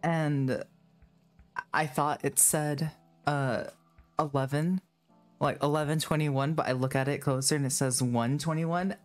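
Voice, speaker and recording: A man's voice: a little high, steady tone, unhurried, faint music behind. A man streaming a horror game, chatting in a rambling, self-mocking way and breaking into screams and laughter when scared. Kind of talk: live game commentary.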